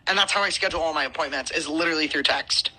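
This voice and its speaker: A woman's voice: sits low, very fast, bright, forceful tone, slightly rough, rough recording. A podcast co-host, a woman, venting about a frustrating situation in a furious, profanity-heavy storytelling rant.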